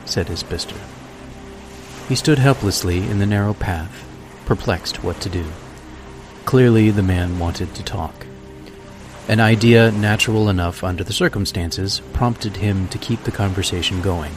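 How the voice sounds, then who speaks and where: A man reads a classic story aloud in a calm, measured narration. His voice sits low. Clear music plays behind him. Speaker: podcast host.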